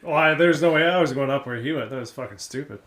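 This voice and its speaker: A man's voice: on the high side, fast, fairly bright tone. A man who is a podcast guest, talking in a blunt, laid-back way. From Canada. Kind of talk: casual chat.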